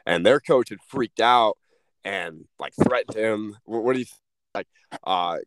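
Low-voiced young man telling stories. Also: a little slow, dry recording. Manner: rambling, restarts, lots of "like" and swearing. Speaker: podcast guest, former hockey player. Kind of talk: casual storytelling.

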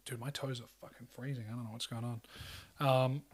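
A young man co-hosting a casual podcast chat, swearing freely, rambling and breaking into loud laughter. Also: medium pitch, level tone, brisk, slightly rough. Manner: crude, joking, laughs loudly and rambles. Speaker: podcast co-host.

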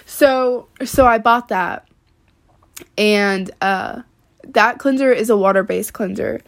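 A woman's voice: mid-range voice, slow pace, gravelly. A woman ranting casually to the camera, exasperated and swearing freely, with lots of "like" fillers. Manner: profane, exasperated, many "like" fillers. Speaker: vlogger.

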